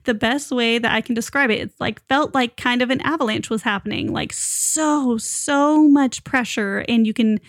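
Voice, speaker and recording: Young woman, casual storyteller, chatty and laughing, slightly high voice. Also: dry recording, studio quality. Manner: chatty, laughs often, many fillers. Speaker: new mother telling her birth story.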